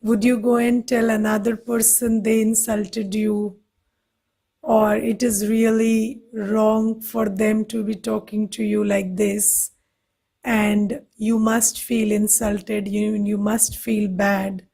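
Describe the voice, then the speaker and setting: A woman with an Indian English accent giving a gentle, questioning meditation lesson. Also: mid-range voice, little pitch movement, takes it slowly, creaky, husky. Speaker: meditation teacher. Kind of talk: spiritual talk to a class.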